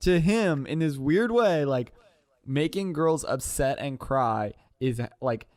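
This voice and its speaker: A man co-hosting a podcast in casual chat, animatedly retelling scenes with quick interjections. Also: on the high side, animated, darkish tone, no echo.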